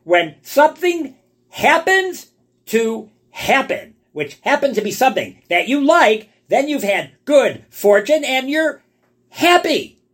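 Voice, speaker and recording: Slow, animated male Torah teacher. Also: extremely high pitch. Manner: dramatic, swings from hushed to shouting for emphasis; explains wordplay step by step, asks rhetorical questions. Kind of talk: Tisha B'Av lecture.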